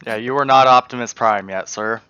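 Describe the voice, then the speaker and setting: A man running a tabletop game as game master, briskly moving play along. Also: mid-range voice, pushed and bright, clear, resonant tone, no room sound. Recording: dry muffled lo-fi mic.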